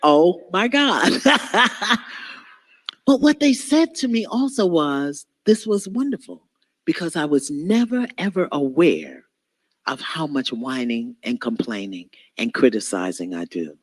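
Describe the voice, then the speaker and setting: A man giving an animated motivational sermon, calling out to the audience and acting out the voices of others. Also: a little high, measured pace, rough recording. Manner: animated, call-and-response, acts out voices. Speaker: motivational speaker. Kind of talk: inspirational preaching.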